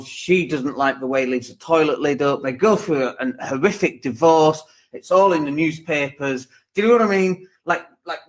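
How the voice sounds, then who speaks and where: Rambling, chatty man in his forties. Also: a little high. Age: 40s. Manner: rambling, conversational, with frequent asides and filler words. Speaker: podcast host. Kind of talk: motivational monologue.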